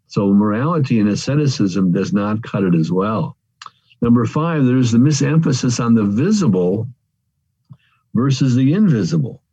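A man's voice: medium pitch, warm tone, slightly rough, no echo, muffled recording. A man preaching a sermon, calling his listeners friends and working through numbered points. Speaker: pastor.

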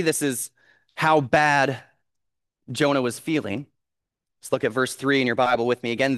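Male pastor, mid pitch, measured earnest sermon delivery, dry close-miked sound. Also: fairly bright tone, no echo. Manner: earnest, measured preaching with slow emphatic scripture reading.

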